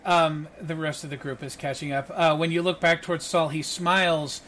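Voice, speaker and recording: A man narrating a tabletop game as game master, describing scenes at an easy pace and pausing often with fillers. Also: on the high side, slight background noise. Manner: relaxed narration with frequent fillers.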